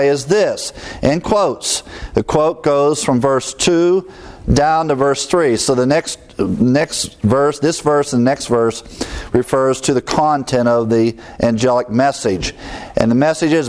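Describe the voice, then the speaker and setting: A man teaching a Bible sermon in a conversational way, with asides and small chuckles at his own remarks. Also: medium pitch. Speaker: pastor.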